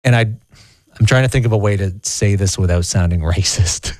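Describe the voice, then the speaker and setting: A man's voice: low voice, fairly quick, a little mellow, dry recording. A man, hosting a casual radio chat in a chatty, joking way. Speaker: radio host.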